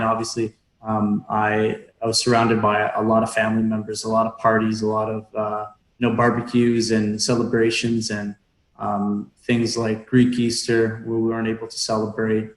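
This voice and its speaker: A young professional hockey player chats in a casual interview over a remote call from home, hesitant, with many fillers and restarts. His voice is lowish. The recording is rough, in an echoey room.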